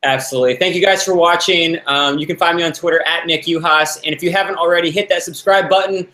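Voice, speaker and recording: A young man chatting casually about a show, relaxed and joking, with a voice pitched a bit high. The room gives his voice a noticeable echo. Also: quick pace. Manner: laid-back, laughing, playful asides. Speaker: show host and former houseguest. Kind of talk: casual recap chat. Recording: roomy echo.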